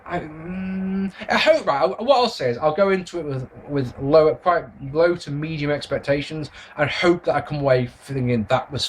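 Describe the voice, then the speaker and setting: A man's voice: mid-range voice, a little hiss or hum. A man, answering viewer questions in a casual vlog, rambling, swearing and apologising for his answers. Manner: rambling, sweary, self-deprecating. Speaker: wrestling video reviewer.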